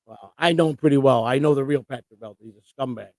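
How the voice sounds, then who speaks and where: A man's voice: medium pitch, fast talker, a little mellow, dry recording. A man co-hosting a casual live stream, talking bluntly and profanely in long rants. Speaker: co-host.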